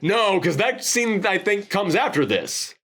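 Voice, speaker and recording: Animated man reviewing a movie. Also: high voice, a little slow. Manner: animated, acts out quotes in dramatic voices. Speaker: podcast co-host. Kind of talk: casual movie review chat.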